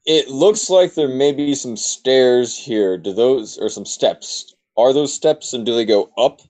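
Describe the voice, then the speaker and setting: A man's voice: medium pitch, unhurried, darkish tone. A man playing a tabletop game, chatting casually and joking with the game master. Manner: joking, quizzical. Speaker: player.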